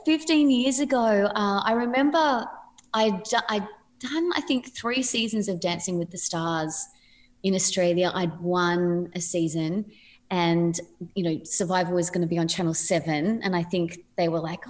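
Casting note: woman, 40s, chatty interview guest, animated storyteller with laughs. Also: lowish voice, moderate pace. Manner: chatty, laughing, lively quoted voices. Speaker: podcast guest.

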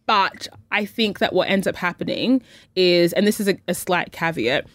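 A woman's voice: fairly low pitch, normal speed, no room sound. A woman co-hosting a podcast in casual chat. She thinks aloud in long, reflective runs and acts out the lines she quotes. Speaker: podcast co-host.

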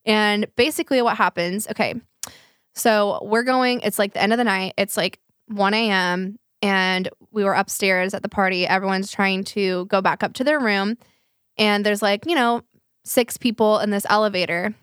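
Young woman, mid-pitch, lively and profane storyteller, dry close recording. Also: smooth, dry recording. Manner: animated, profane, quick retelling of a fight. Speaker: podcast co-host. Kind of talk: casual storytelling chat.

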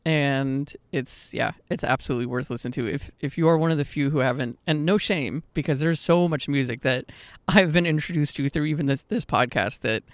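A man's voice: on the high side, brisk, dry recording. A man co-hosting a podcast, chatting casually about music, giggly and enthusiastic. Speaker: podcast co-host.

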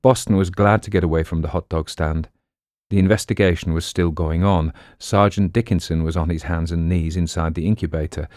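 A man narrating an audiobook in a steady, even storytelling manner. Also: sits low, a little fast, no room sound, clean studio sound.

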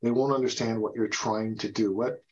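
A man's voice: fairly low pitch, steady tone, brisk, a little hiss or hum. Give me a talkative American man chatting casually on a podcast, with a dull lo-fi recording. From United States. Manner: chatty, repeats words and restarts, laughs often. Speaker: podcast host. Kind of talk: casual travel-tips chat.

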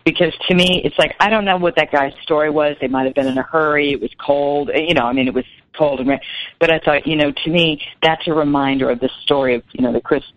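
A woman's voice: sits low, fast, dry recording, lo-fi sound. A woman guest telling a story in a casual interview, chatty and full of fillers. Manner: chatty, many fillers, animated when quoting.

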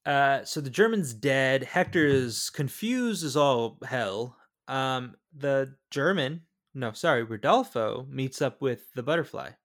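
A man's voice: medium pitch, animated, slow pace, hardly any pauses, fairly bright tone. A man co-hosting a podcast, casually recapping a film and checking plot points aloud. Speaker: podcast co-host. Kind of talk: casual film review chat.

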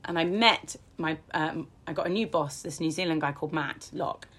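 A woman's voice: low voice, normal speed, husky. Frank, self-deprecating woman. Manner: frank, self-deprecating, lively swings in pace. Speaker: guest. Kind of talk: candid personal storytelling.

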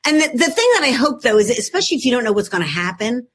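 A woman's voice: on the high side, very fast, husky. Joking Philly woman author. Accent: Philadelphia. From Philadelphia. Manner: jokey, animated storyteller, talks to herself. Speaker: author guest. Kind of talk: casual video chat.

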